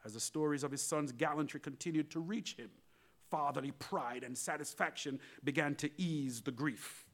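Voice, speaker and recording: A male pastor preaching a sermon, telling a story in an animated way and speaking straight to the congregation. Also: a little high, moderate pace.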